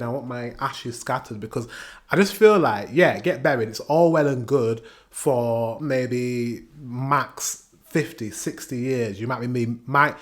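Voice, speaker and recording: A man chatting through a reaction video in an everyday mid-range voice. He gets excitable, breaks into laughs and fires off the same question again and again. The delivery is loose and unscripted. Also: mid-range voice. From United Kingdom. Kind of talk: casual reaction commentary.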